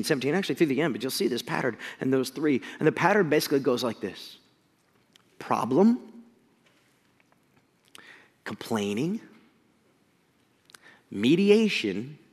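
A man preaching a sermon, energetic and jokey, swinging from loud excitement to hushed lines. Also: on the high side, big-room sound. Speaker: pastor.

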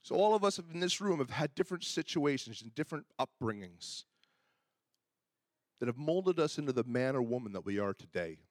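A middle-aged man preaching a sermon as pastor, telling personal stories and acting out the dialogue with lively energy. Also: mid-range voice, a little fast, no room sound, studio quality. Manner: animated storyteller who acts out dialogue.

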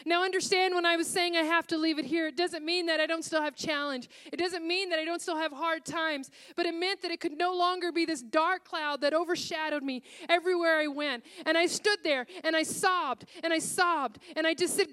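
A woman's voice: extremely high pitch, fairly even intonation, a little fast, hardly any pauses, a bit bright. A woman pastor preaching to a congregation in a church, telling a personal story in an earnest, emotional way. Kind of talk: sermon with personal testimony.

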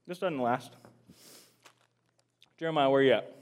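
A young man leads a youth sermon in a loose, conversational way, with a voice a touch higher than most men's. He gets animated while he works through an object lesson and sometimes talks with food in his mouth. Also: measured pace, pauses often. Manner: casual, animated, chewing food while talking. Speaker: youth pastor.

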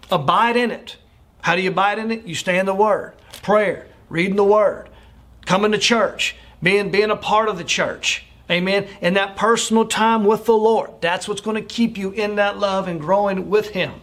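A man's voice: sits high, steady tone, normal speed, fairly bright tone. A man preaching a sermon as a pastor, earnestly urging his listeners with repeated phrases and frequent fillers.

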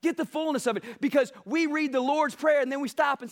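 A man's voice: very high voice, a little fast. A male pastor preaching a sermon emphatically, building passion. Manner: emphatic, building passion, mocks soft quotes.

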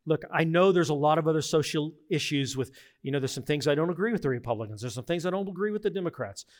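A middle-aged man preaching a sermon as pastor, earnest and emphatic, swinging between hushed reflection and forceful insistence. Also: fairly high pitch, animated, fast talker.

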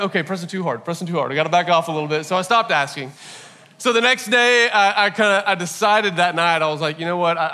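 A man in his forties preaching a sermon, opening with an earnest, animated personal story. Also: a little high. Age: 40s. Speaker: pastor.

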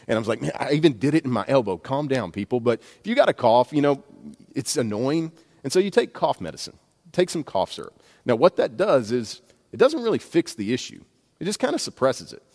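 A man's voice: medium pitch, a little mellow. A man preaching a sermon, speaking conversationally with bursts of emphasis and asides. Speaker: pastor. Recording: long reverb of a large hall.

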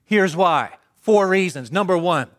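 A man preaching a sermon, asking the congregation questions and answering them himself, swinging from emphatic to hushed. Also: sits high, expressive, a little slow.

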